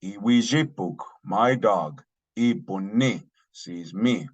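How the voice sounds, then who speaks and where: A man gives a steady language lesson, saying every phrase twice before he explains it. His voice sits fairly low and he moves very slowly. The recording sounds muffled and lo-fi. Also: husky. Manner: careful, repeats each phrase slowly then explains it. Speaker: language teacher. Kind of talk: slow spoken language lesson. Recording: dull lo-fi sound.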